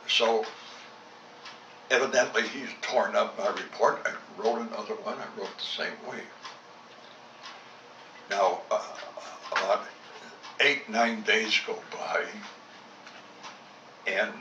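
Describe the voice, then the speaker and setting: Gruff older man telling war stories. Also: fairly low pitch, a little slow, long pauses, sharp tone, a little hiss or hum. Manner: blunt, salty storytelling with reported dialogue. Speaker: former fighter-bomber pilot. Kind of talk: recorded war reminiscence. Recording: roomy, dull home tape recording from a distance.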